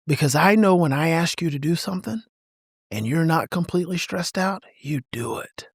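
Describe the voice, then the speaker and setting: A man's voice: a little high, lively intonation, normal speed, husky, dry recording. Middle-aged male podcast guest; emphatic, repetitive teacher's delivery; dry, close recording. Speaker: parenting expert guest. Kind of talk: podcast interview.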